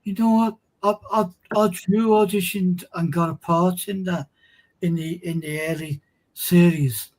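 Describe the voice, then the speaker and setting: A man's voice: sits high, fairly even intonation, unhurried, a little mellow. A man in casual chat, telling a story and reacting with short interjections. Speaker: show co-host.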